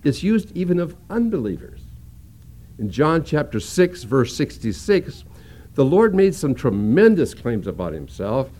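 A man's voice: mid-range voice, dark tone. A man preaching a sermon as pastor, explaining a passage step by step and repeating words as he searches for them.

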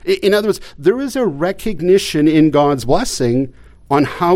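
A man delivers a sermon in a slightly raised pitch. He talks plainly and conversationally, stumbling into repeated words and restarts. He keeps asking his listeners rhetorical questions. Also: expressive, moderate pace, a little mellow. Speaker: pastor.

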